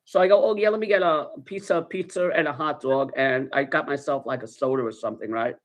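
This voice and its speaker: A man with a New York accent and a notably high voice for a man rambles through a story in a laid-back ASMR manner. He swears offhandedly and keeps tagging his sentences with "right?". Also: fairly even intonation, a little fast. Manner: rambling, chatty, swears casually, says "right?" often. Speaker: storyteller in a played video.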